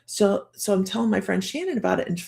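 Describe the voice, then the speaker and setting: A woman's voice: medium pitch, lively intonation, quick pace, gravelly, a little mellow. A woman hosting a psychic livestream, telling a personal story in a chatty, rambling way with frequent laughter. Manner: restarts and trails off while telling a story. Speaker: psychic host of a live stream.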